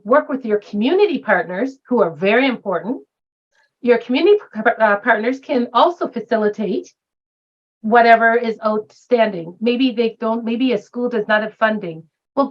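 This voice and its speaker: A woman's voice: on the high side, expressive, normal speed, lo-fi sound. A retired woman professor speaking as a guest in a round-table discussion, emphatic and posing rhetorical questions.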